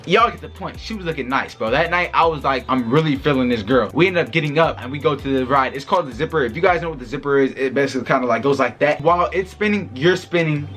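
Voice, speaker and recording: Young male vlogger, rapid and animated, slangy storyteller, does the quotes as he goes. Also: medium pitch. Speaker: YouTuber storytelling. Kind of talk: casual storytime vlog.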